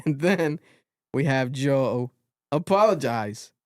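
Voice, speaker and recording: A man's voice: mid-range voice, expressive, slow, no echo, studio quality. A man hosting a podcast livestream, chatting casually and joking while he introduces clips. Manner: laid-back, joking, chatty.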